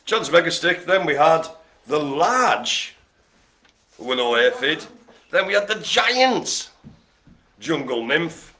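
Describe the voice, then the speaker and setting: A man's voice: on the high side, big pitch swings, takes it slowly, long pauses, sharp tone. A man hosting a live online bingo game, rambling and joking as he stumbles over hard names. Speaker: bingo host.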